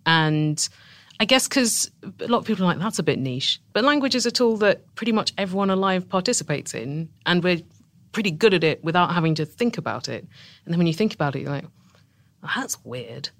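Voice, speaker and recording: A woman's voice: fairly low pitch, lively intonation, quick pace. An English woman guesting on a podcast, wry and self-deprecating, laughing easily in casual conversation. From England. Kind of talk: casual interview chat.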